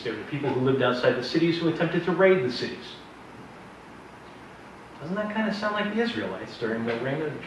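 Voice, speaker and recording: A man's voice: mid-range voice, fairly bright tone, a little hiss or hum. A man teaching a Bible history class in a casual, chatty way, wandering into joking asides while the class asks questions. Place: classroom with a live audience. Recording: echoey room, distant, dull sound.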